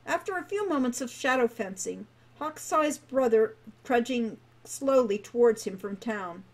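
A woman's voice: fairly high pitch, animated, normal speed, low-quality recording. Woman reading a storybook aloud. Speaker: author reading her novel.

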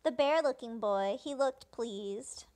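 Woman, let's play host, high voice, slow pace, relaxed translated commentary. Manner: unhurried, relaxed explaining. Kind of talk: live translated game commentary.

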